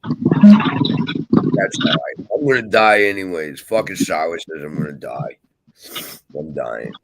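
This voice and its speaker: A man's voice: rumbling low, gravelly, fairly bright tone, a little hiss or hum, poor audio. A man rambling and swearing freely in a casual vlog monologue. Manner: profane, rambling, grumbling. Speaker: vlogger.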